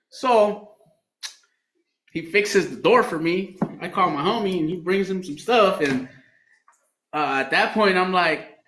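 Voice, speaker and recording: Pausing often and speaking a little slowly, a man with a high, fairly bright voice gives a candid account at a recovery meeting. He swears and laughs along the way. The meeting room echoes, and there's faint background noise.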